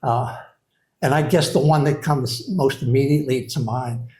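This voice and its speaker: An older man speaks to a gathered audience, recalling a late colleague in a loose, hesitant way. He restarts his sentences often and fills pauses with soft "uh"s, at a mid-range pitch. The sound carries the echo of the room. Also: steady tone. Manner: rambling, hesitant, with many uh fillers and restarts. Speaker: former creative writing program director. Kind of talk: memorial remarks to an audience. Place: hall with a live audience. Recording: echoey room.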